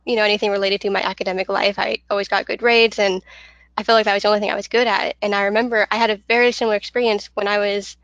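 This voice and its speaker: Quick chatty woman co-host, dry sound. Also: mid-range voice, little pitch movement, a bit bright, no echo, dull audio. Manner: fast, chatty, filler-heavy with "like". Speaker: podcast co-host. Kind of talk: casual chat.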